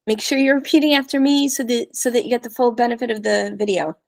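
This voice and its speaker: Woman, language teacher, repeat-after-me drills, deliberate, dry close sound, slightly high voice. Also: vocal fry, no room sound. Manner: slow, deliberate drilling of syllables. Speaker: Spanish teacher.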